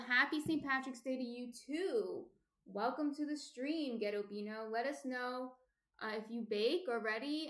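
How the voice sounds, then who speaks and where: A woman from New Jersey runs a casual live-stream sourdough lesson, explaining how to shape the bread step by step and greeting viewers by name. Her pitch is fairly high, and the sound is roomy.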